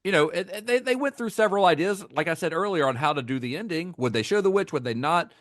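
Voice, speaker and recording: A man's voice: sits high, animated, fast talker, a bit bright, no room sound, studio quality. Enthusiastic man in casual film talk. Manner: enthusiastic, frequent fillers and restarts. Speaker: podcast co-host.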